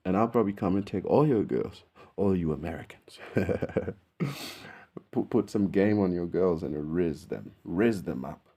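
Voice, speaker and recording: Australian male host, low and mellow, slangy, profane, rambling storyteller. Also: lively intonation, unhurried, slightly rough. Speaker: video host. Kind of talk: casual storytelling to camera.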